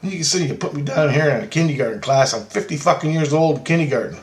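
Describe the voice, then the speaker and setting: A man telling a rambling, profane story about a dream, animated and laughing often. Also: a little high, fast talker. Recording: roomy echo.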